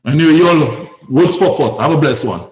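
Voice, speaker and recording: A man from Dominica with a Dominican accent, calling in to a radio talk show with fervent, preachy commentary that rises to shouts. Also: fairly high pitch, expressive, brisk, roomy sound, rough recording. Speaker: caller. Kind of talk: impassioned call-in commentary.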